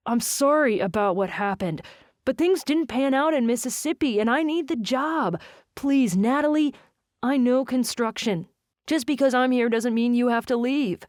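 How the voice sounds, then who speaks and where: A woman's voice: on the high side, normal speed, darkish tone, no room sound, studio quality, voice pushed up, natural voice. A woman voicing a pleading young ex-boyfriend. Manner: earnest, pleading. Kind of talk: audiobook character voice.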